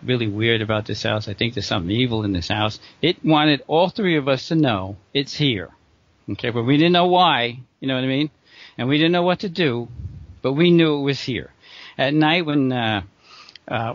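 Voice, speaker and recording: A man's voice: medium pitch, no echo, dull audio. A middle-aged man rambling through a true story in casual conversation, with lots of restarts and short laughs. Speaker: guest telling a true story.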